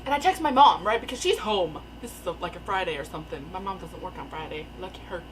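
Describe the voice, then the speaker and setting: A young woman telling a rambling, animated story in casual storytime style from her attic room. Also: on the low side, fast, crowd noise, rough recording. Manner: rambling, animated, filler-heavy. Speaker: storyteller vlogger. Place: attic bedroom. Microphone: camera mic.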